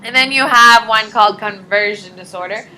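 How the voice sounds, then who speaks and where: Bright, lively woman teaching a class. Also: a little high, moderate pace, poor audio. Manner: animated, jokey, acts out dialogue. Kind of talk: casual classroom lecture.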